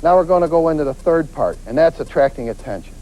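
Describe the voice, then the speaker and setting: A man, a police detective, giving a lively lecture on avoiding crime, acting out quoted voices and hammering points with repetition. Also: on the high side, fast, rough recording. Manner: animated, acts out quoted voices, emphatic repetition.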